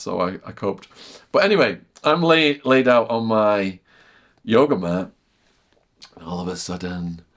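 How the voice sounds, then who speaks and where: A middle-aged man telling a vivid story as a podcast guest, repeating phrases and sinking to a hushed near-whisper at tense moments. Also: sits low. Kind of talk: storytelling in casual chat.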